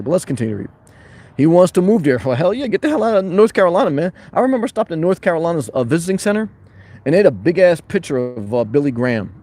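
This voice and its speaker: A man hosting a casual livestream from his van, reading chat comments aloud, loud and boisterous at times, calm at others. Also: on the high side. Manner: loud, boisterous, shifting between fired-up and calm.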